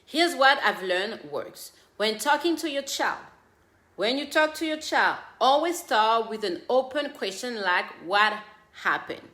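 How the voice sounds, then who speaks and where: A woman's voice: a little high, lively intonation, unhurried, fairly bright tone. A woman who hosts a parenting show, giving earnest, direct advice to parents and mixing in her own stories. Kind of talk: casual advice talk. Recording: echoey room.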